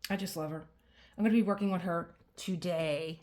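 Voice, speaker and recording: A middle-aged woman with a fairly low voice chats casually at a moderate pace while crafting at home as a diamond painting vlogger. She rambles, restarts sentences, and fills her talk with fillers and laughter.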